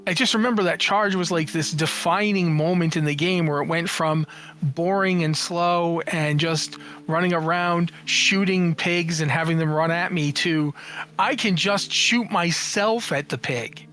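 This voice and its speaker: A man in his forties, a guest in an interview, telling stories in a casual, animated, jokey way, acting out quoted lines and often restarting his sentences. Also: on the high side, a little slow, slight background noise. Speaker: interview guest, games journalist and writer.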